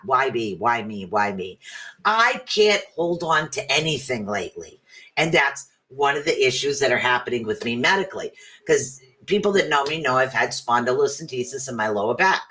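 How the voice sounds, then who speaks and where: A woman's voice: a bass voice, bright, forceful tone. A middle-aged woman hosting a casual chat stream, talking in a chatty, rambling way that jumps between thoughts. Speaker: livestream host.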